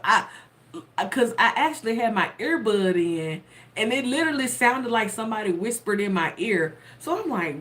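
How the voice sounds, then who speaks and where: A woman telling a spiritual story casually to her viewers, animated and laughing often. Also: fairly high pitch, normal speed. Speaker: tarot content creator.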